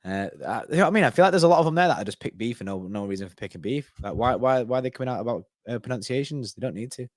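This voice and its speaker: A man's voice: medium pitch, very fast, hardly any pauses, no room sound, clean studio sound. A young man, co-hosting a casual fan live stream and laughing often. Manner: animated, laughs often, lively bursts. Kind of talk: casual chat.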